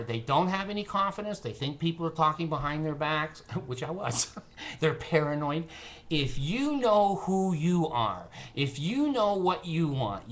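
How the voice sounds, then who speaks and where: A man's voice: on the high side, a bit bright. An older retired man talking to his camera in a rambling, sardonic monologue, telling stories and laughing at his own jokes. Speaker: vlogger. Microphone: camera mic.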